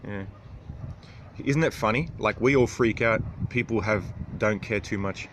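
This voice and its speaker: A man in his thirties hosting a casual livestream, reading out viewer comments with frequent chuckles and throat clearing. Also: fairly low pitch, a little slow, a bit bright, a little hiss or hum. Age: 30s. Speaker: livestream host.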